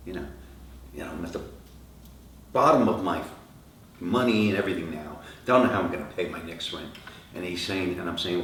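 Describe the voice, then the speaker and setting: A middle-aged man, a rock singer, telling lively stories in an interview and acting out the voices of the people in them. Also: low-pitched, brisk. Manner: animated anecdotes, acting out quoted dialogue. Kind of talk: storytelling interview answers. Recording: echoey room, from far off, faint noise.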